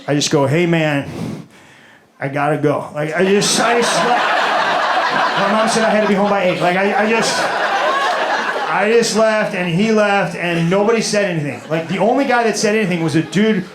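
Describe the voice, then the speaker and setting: A man's voice: sits high, a little fast. Forties male comic, self-deprecating storyteller, echoey live club recording. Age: 40s. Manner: rambling, self-deprecating, stammering restarts. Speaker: stand-up comedian. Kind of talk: stand-up storytelling. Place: comedy club stage. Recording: roomy club sound with audience noise.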